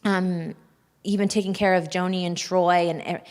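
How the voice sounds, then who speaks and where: A woman's voice: lowish voice, fairly even intonation, moderate pace, darkish tone. Candid woman speaking in a reverberant hall. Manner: open, confessional, breaks into nervous laughs. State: shaky and nervous. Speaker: speaker sharing a personal testimony. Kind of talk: candid personal talk to an audience. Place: large hall at a church event.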